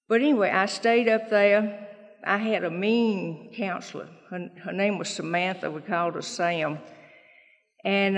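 A woman's voice: fairly low pitch, vocal fry. Folksy Southern woman in an echoey hall. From Mississippi, US. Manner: folksy storytelling, acting out others' lines. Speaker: speaker sharing her recovery story. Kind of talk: personal testimony at a meeting.

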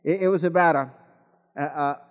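A man's voice: fairly high pitch, moderate pace. Rambling man joking from a meeting-hall stage. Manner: rambling with many restarts, folksy joke-telling. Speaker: speaker at a recovery meeting. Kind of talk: recovery meeting talk with jokes. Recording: dull long-reverb hall recording.

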